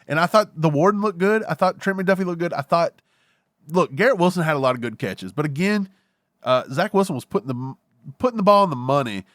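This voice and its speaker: A man with a notably high voice runs through a heated, joking rant on a casual sports talk show. The recording is dry and close, with no room sound at all. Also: brisk, no echo. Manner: animated, joking rants. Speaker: podcast co-host.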